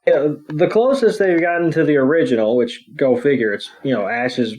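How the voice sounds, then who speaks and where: A man's voice: on the high side, fairly quick, a little mellow, rough recording. A man co-hosting a podcast and casually recapping a cartoon episode in a blunt, profane, wry way. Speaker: podcast co-host.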